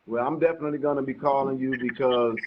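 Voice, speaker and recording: A man's voice: medium pitch, steady tone, fast. A man in his thirties hosting a livestream interview, encouraging and repetitive. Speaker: host. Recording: lo-fi livestream with crowd noise.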